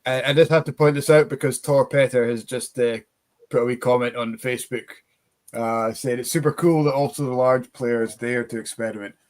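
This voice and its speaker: A man's voice: mid-range voice, steady tone, moderate pace, darkish tone. A man with a Scottish accent, co-hosting a casual chat about whisky for a shop, friendly and laughing easily.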